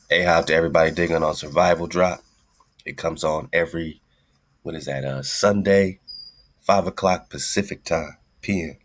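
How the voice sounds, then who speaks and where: Laid-back deep-voiced male radio host. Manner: loose slangy rambling, calls listeners man. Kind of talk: casual livestream talk.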